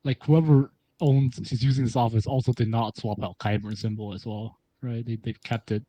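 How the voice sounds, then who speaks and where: A man's voice: medium pitch, fairly even intonation, moderate pace, dark tone, rough recording. A man playing a tabletop game, talking with many stammers and restarts. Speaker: player. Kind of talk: casual tabletop play.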